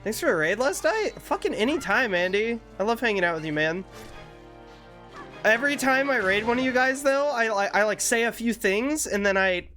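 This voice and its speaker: A man's voice: very high-pitched, animated, normal speed, bright, forceful tone. A young man streaming a game, chatting casually with his viewers, laid-back, laughing often and swearing freely. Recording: faint music behind.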